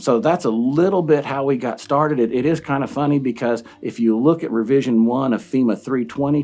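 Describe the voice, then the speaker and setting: A middle-aged man, a company founder telling a personal story, earnest and emotional, halting with fillers. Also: fairly low pitch, darkish tone.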